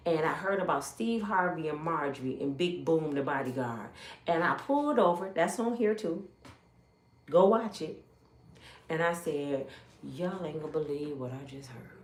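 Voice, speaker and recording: A woman in her fifties telling her life story as a testimony, acting out the voices of others and swinging from loud exclamations to hushed asides. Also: fairly low pitch, a little slow. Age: 50s. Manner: animated, acts out others' voices in quotes. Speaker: YouTube storyteller. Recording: roomy echo.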